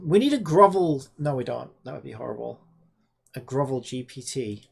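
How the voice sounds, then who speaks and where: Low-pitched, gravelly, slightly rough yet a little mellow, this woman's voice is animated at a normal speed. She chats on a livestream while coding a game, sarcastically cursing at an AI chatbot in frustration.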